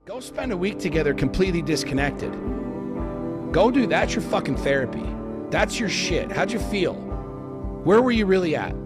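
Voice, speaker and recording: A man's voice: high-pitched, very animated, normal speed, long pauses. A man giving blunt, profane, commanding relationship advice. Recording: loud music behind.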